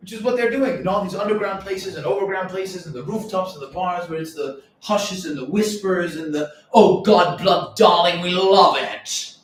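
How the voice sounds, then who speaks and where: Man, rambling monologue, animated, swears, slightly high voice, distant mic, faint noise. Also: a little fast, few pauses, heavy reverb.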